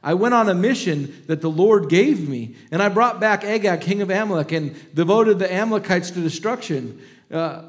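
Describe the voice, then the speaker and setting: A middle-aged man preaching from the pulpit, his voice sitting a little high for a man. He acts out the scripture he reads with sweeping rises and falls, then slips back into easy, chatty asides. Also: lively intonation, moderate pace. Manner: reads scripture aloud with dramatic emphasis, then talks casually and chuckles. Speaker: pastor. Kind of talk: sermon.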